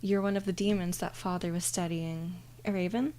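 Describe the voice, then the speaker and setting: A woman quietly voicing a wary young ghost girl, guarded and questioning, in a whispered role-play. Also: lowish voice, fairly even intonation, moderate pace, close to an everyday voice.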